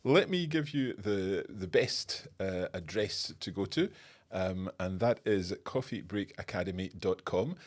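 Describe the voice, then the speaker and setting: A man hosting a live online event, his voice sitting a little low. He talks in a friendly, chatty way, with easy fillers as he goes. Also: expressive, a little slow. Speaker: host.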